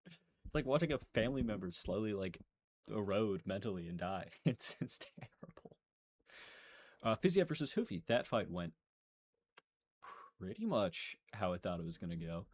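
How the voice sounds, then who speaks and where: A man's voice: low voice, animated, moderate pace, slightly rough. A young man giving a casual, profane, rambling recap of fights, often breaking off and restarting his sentences. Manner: profane, rambling, self-interrupting. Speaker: MMA commentary YouTuber.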